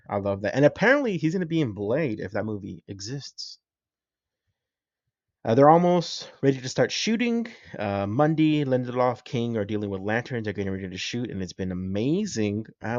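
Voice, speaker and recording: A man's voice: mid-range voice, dry recording, highs cut off. A man giving casual, enthusiastic reaction commentary as a vlogger, rambling and swearing freely. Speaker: comics and film reaction vlogger.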